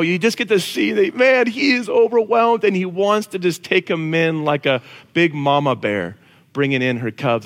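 A man preaching a casual, animated sermon to a congregation. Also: fairly high pitch. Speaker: pastor. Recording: long reverb of a large hall.

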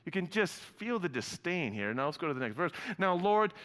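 A fairly high, bright and forceful male voice preaching in a casual, lively way. He jokes freely with his congregation. The sound rings with the long reverb of a large hall. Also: normal speed. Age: adult with young sons. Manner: lively, joking, conversational preaching. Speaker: pastor. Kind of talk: sermon. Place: church hall before a congregation.

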